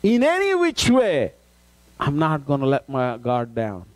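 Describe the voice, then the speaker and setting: A man's voice: medium pitch, wildly swooping pitch, unhurried. A man preaching a sermon as a pastor, reading scripture aloud and repeating phrases with emphasis. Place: church.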